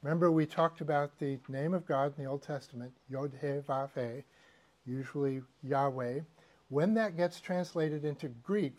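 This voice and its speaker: Male teacher, mid-pitched voice, easygoing lecture delivery with asides. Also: a little mellow. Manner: conversational, with fillers and asides. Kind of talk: church doctrine lecture.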